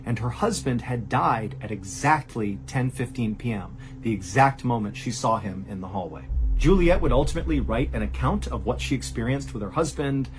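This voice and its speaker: Animated man telling a true horror story. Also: normal speed. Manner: animated, rises high for quoted cries; drops low and quiet at grim moments. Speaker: storyteller host. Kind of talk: dramatic true-story narration.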